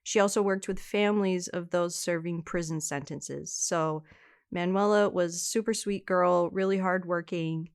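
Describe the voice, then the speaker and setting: A woman co-hosting a podcast tells a true-crime case in a chatty, casual way, laughing easily and reading out case details. Her voice is fairly low and clean, with fairly even intonation at a normal speed.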